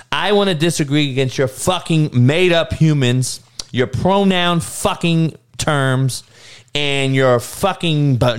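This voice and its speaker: A man ranting casually to his viewers, heated and profane, with slangy talk and stuttered restarts, dropping to low mutters and then bursting out loud. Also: clear, resonant tone. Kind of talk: casual profane rant to camera.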